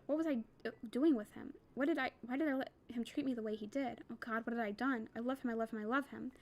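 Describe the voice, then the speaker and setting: A young woman reads a novel aloud for her book club, her voice sitting on the higher side. She reads at a rapid clip and breaks off for casual asides. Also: a little hiss or hum. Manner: quick reading with casual asides.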